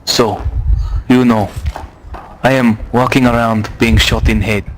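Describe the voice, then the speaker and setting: A man telling a comic in-character story in deadpan broken English on a game server. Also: mid-range voice, a little slow. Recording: noisy voice-chat mic.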